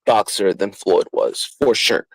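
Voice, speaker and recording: A man hosting a podcast in casual chat, getting animated when he describes fights. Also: on the low side, unhurried, vocal fry, slightly rough, dry recording, rough recording. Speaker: podcast host.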